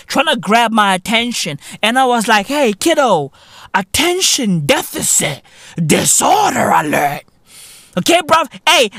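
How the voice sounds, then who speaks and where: A man's voice: very high-pitched, bright, forceful tone, no echo. A man from South Africa hosting a podcast, in a profane, slangy comedic rant that keeps calling the listener "bruv". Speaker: podcast host.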